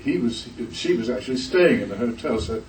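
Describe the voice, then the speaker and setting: An older man, a guest actor on a convention panel, telling a story haltingly with many pauses and uhs. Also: mid-range voice, animated, darkish tone. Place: convention hall. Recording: echoey hall, distant mic, faint noise.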